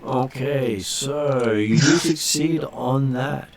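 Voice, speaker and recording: A man's voice: medium pitch, slow pace, gravelly. A man running a tabletop game as game master, easygoing and hesitant, with many fillers.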